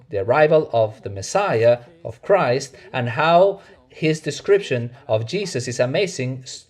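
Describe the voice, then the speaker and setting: Earnest preacher, Mexican Spanish accent. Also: male voice, medium pitch, a little mellow. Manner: earnest, measured preaching with self-corrections. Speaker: pastor. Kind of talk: sermon.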